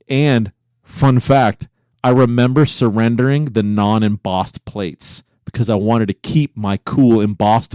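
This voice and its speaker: A man co-hosting a casual podcast from a home recording room, cursing freely and breaking into loud disbelief. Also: on the low side, clean tone, no echo, clean studio sound. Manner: profane, incredulous, loud bursts of disbelief. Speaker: podcast co-host. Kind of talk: casual banter.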